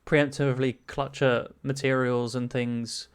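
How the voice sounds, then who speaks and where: A man's voice: medium pitch, flat delivery, unhurried, smooth. A man narrating a tabletop game as game master, casual, laughing often and swearing.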